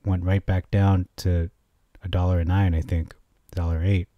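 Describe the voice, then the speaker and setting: A man giving a casual, rambling stock chart analysis, often correcting himself and getting excited. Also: deep voice, moderate pace, no echo, highs cut off. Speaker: stock market commentator.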